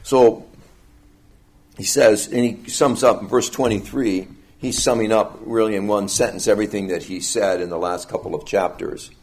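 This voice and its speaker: A male preacher walks through scripture in an expository teaching style. His delivery is emphatic, climbing on key phrases and then dropping back. He slows down deliberately to press each point home. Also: on the low side, steady tone, darkish tone. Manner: emphatic, rising and falling delivery with deliberate slowing on key words.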